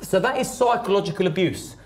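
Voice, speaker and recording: A man speaking as a guest on a podcast. He tells his story bluntly and with heavy emphasis, swearing freely. His voice sits a little above the usual male pitch. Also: expressive, fairly quick, a little hiss or hum. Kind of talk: personal storytelling in conversation.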